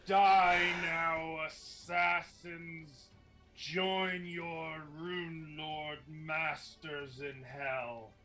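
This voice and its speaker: Male GM voicing a huge mechanical dragon, slow and menacing, booming threats at the table. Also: flat delivery, sharp tone, faint music behind, heavily acted. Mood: threatening. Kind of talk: tabletop game voice acting.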